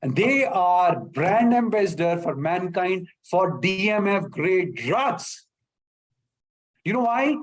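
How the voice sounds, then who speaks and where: A man's voice: high voice, very animated, slow, low-quality recording. A middle-aged man with an Indian English accent, giving a motivational training talk to sales reps in an emphatic, repetitive way. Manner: emphatic, repetitive, addresses listeners as sir.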